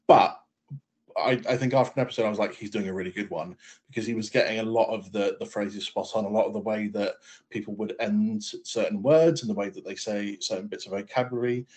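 A man from the south coast of England with a southern English accent, chatting casually on a podcast and often pausing with ums and restarts. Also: fairly low pitch, darkish tone. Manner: hesitant, restarts sentences, lots of ums. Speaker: podcast co-host. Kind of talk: casual chat.

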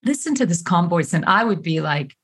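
Husky, reflective woman host. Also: fairly low pitch, expressive. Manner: reflective, halting, restarts often. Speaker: podcast host. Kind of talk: casual interview talk.

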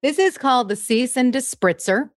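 A woman's voice: high voice, expressive, normal speed, dry recording. Bubbly woman with a dry, close sound. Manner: chatty, bubbly storytelling. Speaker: comedian guest. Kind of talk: casual chat.

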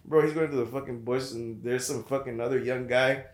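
A man's voice: mid-range voice, fairly even intonation, fairly quick, a little hiss or hum. A tipsy man telling a long, profane joke in casual chat, rambling along. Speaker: podcast guest.

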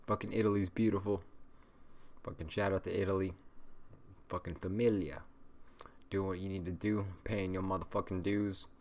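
Male solo podcast host, low voice, rambling stoner rant full of swearing. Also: little pitch movement, moderate pace, pauses often, a little mellow. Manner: rambling, heavily profane, stoned.

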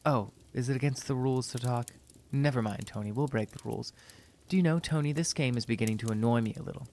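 A man voicing a kind older woman in a spoken story, talking softly in a near-whisper. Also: mid-range voice, quick pace, a little hiss or hum, close to an everyday voice. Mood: uneasy. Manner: soft, whispery. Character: kindly older woman, gentle, uneasy.

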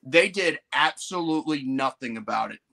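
A man's voice: fairly high pitch, lively intonation, moderate pace, gravelly, pushed and bright. A man hosting a podcast, talking casually and meandering, leaning on filler words as he explains. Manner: meandering, full of "you know" fillers. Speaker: podcast host. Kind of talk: casual chat.

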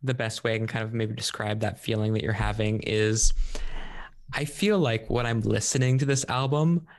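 Gravelly-voiced man musing hesitantly. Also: lowish voice, fairly even intonation, moderate pace, no room sound. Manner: hesitant, searching for words, many ums and likes. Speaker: podcast co-host. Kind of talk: casual music podcast chat.

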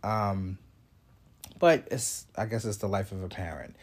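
A man's voice: on the low side, animated, fairly quick, darkish tone, breathy edge. A man with a congested voice, hosting a casual vlog update and rambling chattily with fillers and asides. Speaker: show host.

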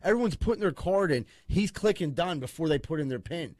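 A man's voice: a little high, animated, fairly quick, a little mellow, dry recording. Man swearing through a crude rant. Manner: crude, exasperated storyteller who swears often. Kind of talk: casual chat.

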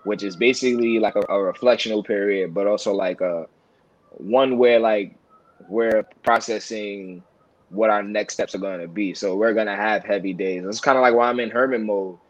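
Low-voiced rambling New man. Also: moderate pace, dry recording, low-quality recording. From New York. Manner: rambling, filler-heavy, many restarts. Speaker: podcast co-host. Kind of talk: casual chat.

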